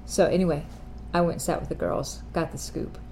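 A woman's voice: low voice, fairly even intonation, brisk, gravelly, a little mellow, a little hiss or hum. A middle-aged woman hosting a podcast in a casual, rambling chat, correcting herself often and laughing at her own slips. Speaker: podcast host.

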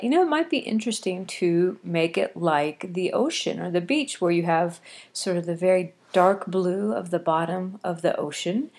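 A woman talks through her day in a loose, rambling audio diary from her couch at home. Her voice sits a little low and sounds stuffed up from a cold. She restarts her sentences often. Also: a little mellow. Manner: chatty and rambling, with frequent restarts. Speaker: quilting podcaster.

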